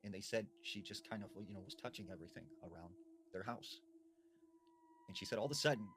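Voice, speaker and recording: A man telling spooky stories in a hushed, dramatic way with drawn-out pauses. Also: fairly low pitch, background noise. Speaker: storyteller. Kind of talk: spooky storytelling.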